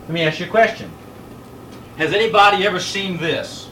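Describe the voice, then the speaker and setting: With a high-pitched, brisk voice, a middle-aged pastor teaches a Bible study, emphatically firing rhetorical questions and taking questions from listeners during the preaching lecture. Background noise is audible.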